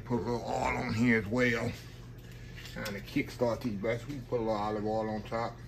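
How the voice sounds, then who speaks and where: A man's voice: medium pitch, flat delivery, fairly quick, creaky, a little hiss or hum. A man hosting a casual home cooking demonstration, chatty and folksy, calling his viewers y'all. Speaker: home cooking channel host. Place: home kitchen.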